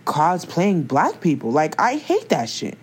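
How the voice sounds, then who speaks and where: A young woman in casual chat, talking in an animated, slangy, expressive way. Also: low voice, measured pace, slight background noise.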